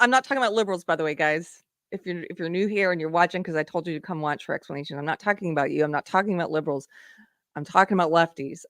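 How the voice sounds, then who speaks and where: A woman's voice: fairly low pitch, fairly bright tone, no room sound, studio quality. A middle-aged woman hosting a live political commentary stream, talking casually and sarcastically, often laughing.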